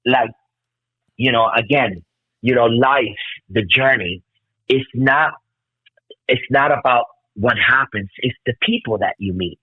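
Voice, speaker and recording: A man in his fifties from Cuba, telling stories as a guest musician in an excitable, rambling way, swearing a lot. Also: medium pitch, measured pace, pauses often, breathy edge, dry recording. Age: 50s. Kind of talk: casual storytelling interview. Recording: tinny phone-like call line.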